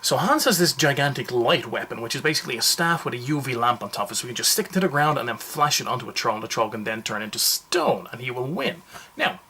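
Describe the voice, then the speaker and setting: A man giving a casual, jokey movie review, telling the story in a rambling, animated way. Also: mid-range voice, fast talker, slight background noise.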